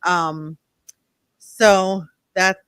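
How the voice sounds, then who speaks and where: Mom guest chatting on a podcast, dry close sound, earnest. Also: female voice, on the low side, steady tone, drawn-out words, a bit bright, smooth, dry recording. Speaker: foundation organizer guest. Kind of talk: casual podcast chat.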